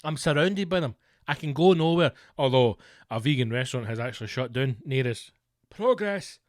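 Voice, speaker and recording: A Scottish man hosts a comedy podcast on his own, ranting in a fairly high voice. He swears freely and keeps firing exasperated rhetorical questions at the listener. The recording is dry, with no room sound. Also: dry recording. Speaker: podcast host. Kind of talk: solo comedic rant podcast.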